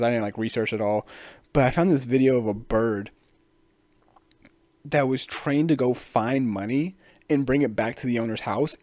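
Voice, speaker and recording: A man's voice: mid-range voice, darkish tone, no room sound. A man hosting a casual solo podcast, rambling, swearing freely and laughing often. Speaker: podcast host.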